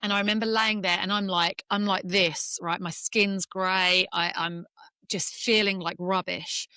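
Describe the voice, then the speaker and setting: A woman's voice: medium pitch, fairly even intonation, measured pace, pushed and bright, clean tone, no room sound. A woman from England, a former golfer, candidly telling an emotional personal story in an interview, close to tears at times.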